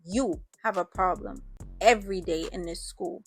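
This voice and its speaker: A woman's voice: on the low side, moderate pace, husky, faint music behind. A woman voicing a menacing teenage boy gang leader who threatens in profane street slang. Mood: threatening.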